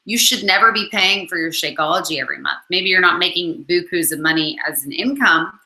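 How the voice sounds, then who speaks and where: A woman's voice: lowish voice, fairly quick, pushed and bright, echoey room, rough recording. A woman network marketing coach talking casually to her followers, full of "um" and "like", with the hiccups. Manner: chatty, many fillers like "um" and "like". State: has the hiccups. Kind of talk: casual video talk to followers.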